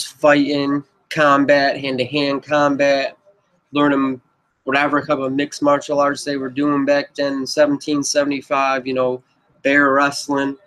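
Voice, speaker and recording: A man pitching his own film script to camera in a loose, rambling way, leaning on fillers like "you know" and "but yep.". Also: a bit bright, low-quality recording.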